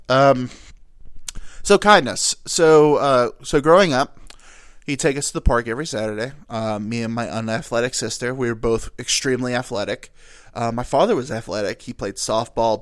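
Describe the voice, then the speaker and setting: Sounding nasal and freshly teary, a young podcaster with a medium-pitched voice delivers a casual, rambling monologue about his own life, full of fillers and self-corrections. The audio is clean studio quality with no room sound.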